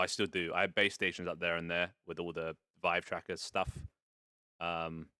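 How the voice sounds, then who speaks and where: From a home VR setup indoors, a man casually hosts a fashion show livestream inside virtual reality, rambling playfully with some casual swearing. His voice sits low with a sharp tone, and the sound is clean and studio-like with no echo.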